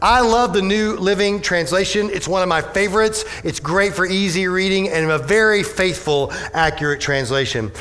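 A male pastor preaches with animated energy, tossing rhetorical questions to his congregation. His voice sits a little high for a man, and a long reverb trails each phrase through the sanctuary. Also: moderate pace, few pauses. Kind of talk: sermon. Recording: echoey hall with long reverb.

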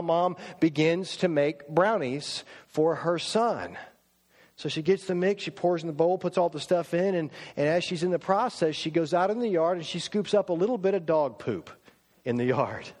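A man preaching a sermon in a church, emphatic and full of rhetorical questions, slowing down to stress his words. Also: high-pitched, darkish tone. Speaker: pastor. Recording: long church hall reverb.

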